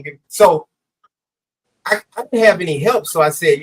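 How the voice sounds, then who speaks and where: A man, a former high school baseball coach, telling a story in a casual interview, acting out the dialogue and swearing freely. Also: expressive, fairly quick, low-quality recording.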